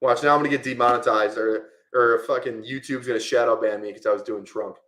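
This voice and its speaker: A man chats loosely through a live fantasy football draft, circling back on his thoughts with plenty of fillers. His voice sits at an ordinary middle pitch. A roomy echo hangs around it. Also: fairly even intonation, fast, sharp tone. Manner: rambling, casual, lots of "like" fillers. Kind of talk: live-stream draft commentary.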